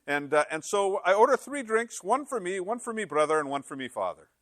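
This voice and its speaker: A man's voice: sing-song, brisk, a bit bright, dry recording, studio quality. A man voicing a cheerful Irish immigrant workman at a pub, in a lilting Irish brogue. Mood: fond. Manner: lilting, high-pitched brogue.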